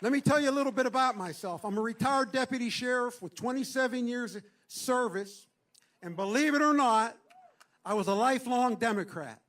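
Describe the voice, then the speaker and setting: Man, middle-aged, very high-pitched, rousing rally speech, shouted chants, outdoor stage mic. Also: brisk. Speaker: rally speaker.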